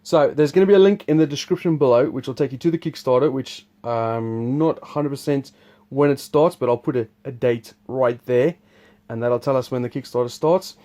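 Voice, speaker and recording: A man's voice: medium pitch, normal speed, warm tone. A man hosting a board game preview, explaining the game in a rambling, chuckling, casual way. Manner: rambling, chuckling, restarts sentences.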